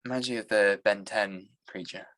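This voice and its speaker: Low bright-voiced man explaining plot. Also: fairly even intonation, normal speed, poor audio. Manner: hesitant, explaining plot step by step. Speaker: podcast host. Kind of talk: casual commentary chat.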